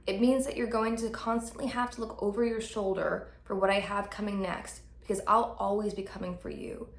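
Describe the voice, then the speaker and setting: A woman's voice: medium pitch, fairly even intonation, brisk, natural voice. Woman reading as a smug possessive young man. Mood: mocking. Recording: echoey room.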